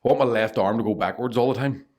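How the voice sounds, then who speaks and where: A man voicing a stubborn, odd castaway who makes strange wishes flatly, in a Northern Irish accent. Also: mid-range voice, fast talker, lightly acted. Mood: deadpan.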